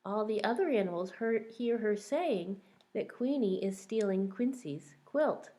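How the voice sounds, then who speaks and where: A woman teacher reading a picture book aloud to young children, gently asking them questions along the way. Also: medium pitch, lively intonation, slow.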